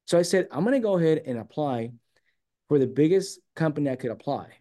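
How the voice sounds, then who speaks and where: A man from San Diego, fairly high-pitched and fairly quick, shares a long personal story as a guest on an interview show. He keeps it casual and animated, performing the lines he quotes.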